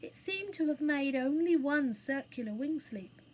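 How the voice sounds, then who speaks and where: A woman reading a children's book aloud as storyteller, in a clear, expressive manner. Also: high voice, a little slow, rough recording.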